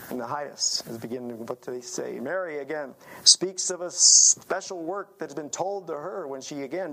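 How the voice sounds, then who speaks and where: A man's voice: fairly high pitch, gravelly, a bit bright, slight background noise, low-quality recording. A male preacher giving a sermon, counting off his points emphatically and quoting scripture as he goes.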